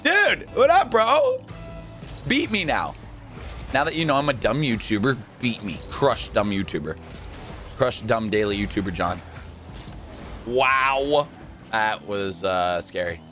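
A young man in casual, jokey gameplay commentary, excitable and quick to shout and laugh. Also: on the low side, faint music behind. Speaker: gaming YouTuber.

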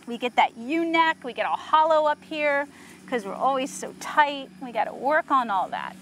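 A woman horse trainer working a horse outdoors, explaining to viewers and softly praising the horse as she goes. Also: high voice, animated, normal speed, noisy background. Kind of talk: instructional training video.

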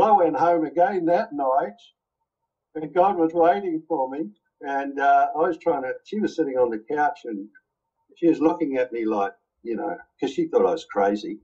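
A man who leads a deliverance ministry, telling his personal testimony in a vivid, excited way. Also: a little high, breathy edge. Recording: dull lo-fi recording.

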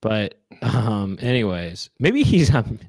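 A man's voice: lowish voice, sing-song, slow pace, darkish tone, no echo. A man, a comedian hosting a show, chatting casually in a rambling, jokey way. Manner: rambling, lots of fillers and restarts, jokey. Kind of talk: casual chat.

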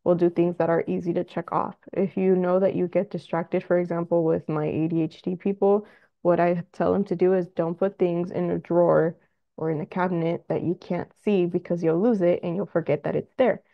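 A woman therapist talks parents through child behavior in a relaxed, conversational way, now and then acting out little scenes with kids. Her voice sits low with a gravelly fry. The sound is dry and a little dull. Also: brisk, no echo. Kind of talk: presentation to parents.

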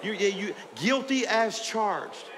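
A middle-aged man, preaching a sermon in a fired-up way, rising to shouts. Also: sits high, animated, slow. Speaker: pastor. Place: large church auditorium. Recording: hall reverb with faint crowd and noise. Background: congregation.

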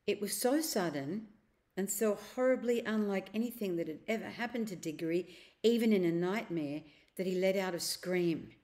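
A woman reading a children's novel aloud, narrating in a steady, expressive way. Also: mid-range voice, moderate pace. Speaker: storyteller.

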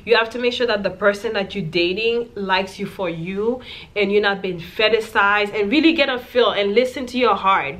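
A young adult woman vlogger telling a personal story to camera in a candid, animated way, full of fillers. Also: mid-range voice.

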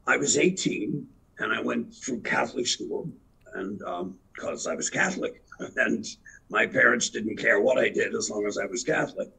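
Older male interview guest in his eighties, raspy and gravelly, mid-pitched, an anecdotal storyteller. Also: moderate pace, sharp tone, low-quality recording. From Philadelphia area, USA. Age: 80s. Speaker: interview guest, veteran actor.

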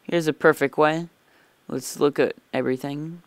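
A man rambling through casual game commentary at an unhurried pace. His voice is smooth and clean, and he is easily startled. The recording is dry, close to a desk mic. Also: medium pitch, no room sound. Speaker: let's play gamer.

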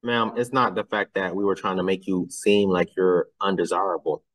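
A man's voice: low voice, steady tone, moderate pace, fairly bright tone, distant mic, low-quality recording. A man hosting a casual reaction commentary, talking bluntly and getting exasperated, his voice climbing when he is incredulous. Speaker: commentary channel host.

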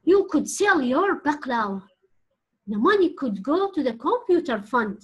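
A woman's voice: high voice, very animated, normal speed, a bit bright, highs cut off, voice pushed up. Woman reading as an encouraging husband. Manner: plain storybook reading. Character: helpful, encouraging middle-aged husband.

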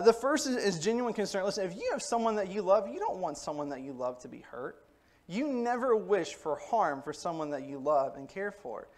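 A male pastor preaching a sermon in a conversational, explanatory way, checking in with his congregation. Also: high voice. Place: church.

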